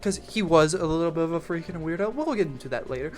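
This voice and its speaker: A young adult man telling a camp story in a casual, profane, animated way, full of slang and "like". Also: a little high, fast. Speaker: storytime YouTuber.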